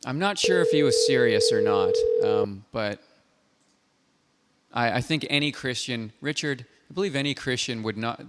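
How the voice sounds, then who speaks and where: A man hosting a call-in show, speaking in a calm, earnest and measured way. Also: mid-range voice, slight background noise. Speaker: host. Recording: long reverb.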